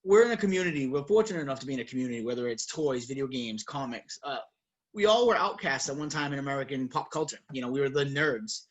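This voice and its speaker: A man's voice: medium pitch, lively intonation, fast talker, lo-fi sound. A middle-aged man from Boston, co-hosting a casual chat, who laughs easily and chimes in with short agreements. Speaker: co-host.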